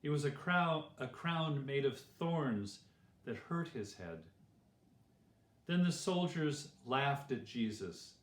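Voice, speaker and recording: Slow, gentle man reading a children's story. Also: mid-range voice, lively intonation. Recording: roomy echo.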